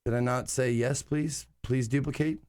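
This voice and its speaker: A man's voice: medium pitch, steady tone, moderate pace, darkish tone, clean tone. A man telling travel stories during a casual live stream, rambling with lots of fillers and casual swearing. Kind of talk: casual storytelling chat.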